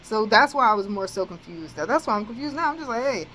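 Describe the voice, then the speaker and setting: A young woman with a slightly high voice tells a personal story straight to the camera. She talks casually and candidly, swears freely, and acts out what people said. A faint hum sits under the recording. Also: fast, rough recording. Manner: candid, swearing, animated retelling with quoted asides. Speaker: vlogger telling a personal story.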